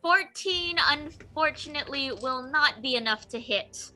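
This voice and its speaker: A woman acting as dungeon master in a tabletop game, upbeat and quick with rulings. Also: a little high, pushed and bright, faint music behind.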